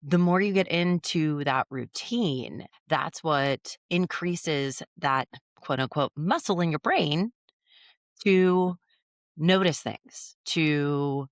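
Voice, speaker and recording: In a dry, clean studio recording, a woman co-hosting a podcast speaks slowly in a low voice. Chatting casually, she reflects and thinks aloud, often starting her sentences over.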